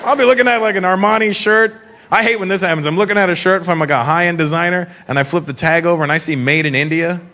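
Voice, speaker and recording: A man doing a stand-up comedy routine on a live stage, animated and slipping into mocking impressions. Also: high-pitched, fast talker. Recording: live show with loud audience and noise.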